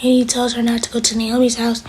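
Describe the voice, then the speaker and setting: A woman's voice: on the high side, completely flat delivery, a little mellow, slight background noise, rough recording. A woman hosting her own channel, casually retelling a TV episode scene by scene. She quotes each character's lines in much the same voice as her own narration. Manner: rapid retelling that quotes characters in a barely changed voice. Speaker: TV episode reviewer and channel host.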